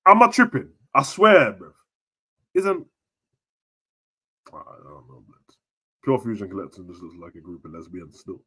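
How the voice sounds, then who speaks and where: Young man, slangy live-stream chat, shouts then whispers, animated pitch. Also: measured pace, pauses often, breathy edge. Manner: slangy, swings from loud shouting to near-whispers. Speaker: wrestling stream host.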